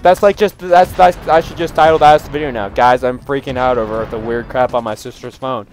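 A man giving excitable reaction commentary to memes, with loud outbursts and frequent laughter. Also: on the high side, brisk, soft background music.

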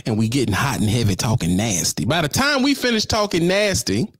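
A man's voice: medium pitch, very animated, brisk, husky, dry recording, studio quality. A middle-aged man, a truck driver, telling a comic story in a chatty, slangy way and talking straight to his viewers.

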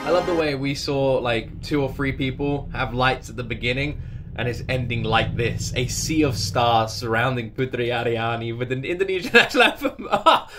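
With music in the background, an English man talks at a moderate pace and medium pitch in casual reaction commentary from his cold home attic. Tearful, his voice thick with crying, he gushes, laughs between words and keeps repeating himself.

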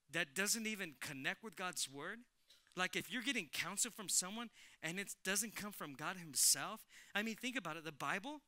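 A male pastor preaches with a high, very bright and forceful voice. He is animated, repeats his lines for emphasis and turns to the congregation again and again. The sound is dry and close. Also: no room sound. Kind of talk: lively sermon. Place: church sanctuary.

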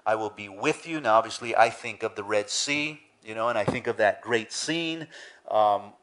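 A male pastor giving a sermon, chatty with "you know" and "right", swelling loud and high when retelling scenes and dropping soft for reflection. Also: moderate pace.

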